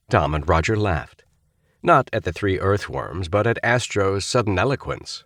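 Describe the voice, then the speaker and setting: A man narrating a children's space adventure audiobook with expressive storytelling. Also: low voice, normal speed, no room sound, clean studio sound. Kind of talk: scripted narration.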